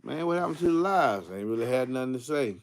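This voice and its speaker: A man's voice: mid-range voice, expressive, fast talker. A man hosting a casual live car audio stream, greeting viewers by name in laid-back slang. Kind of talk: casual livestream chat.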